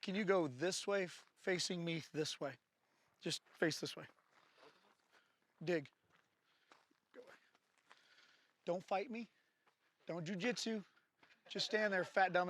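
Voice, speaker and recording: A man's voice: high voice, slow, long pauses, a bit bright. A man working as a firearms instructor, explaining drills to his class with jokes and then barking short range commands. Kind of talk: live training-class instruction.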